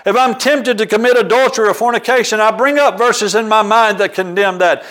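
Male pastor, sermon delivery, earnest, homely examples, expressive high voice. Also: poor audio. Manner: earnest, quotes scripture with chapter and verse; uses homely examples, occasional ums. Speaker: preacher.

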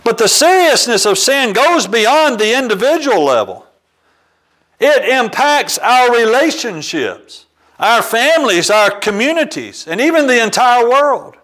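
A man's voice: very high voice, very animated, a little slow, fairly bright tone, rough recording. A man preaching a sermon, earnest and citing scripture by chapter and verse, with homely examples. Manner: uses homely examples, occasional ums.

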